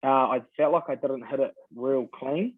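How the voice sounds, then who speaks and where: A man's voice: mid-range voice, normal speed, dry recording. Laid-back New Zealand man, tinny sound. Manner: relaxed storytelling, many ums and sort-ofs. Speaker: guest rugby player. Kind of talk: casual podcast chat. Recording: dry, tinny phone-like sound.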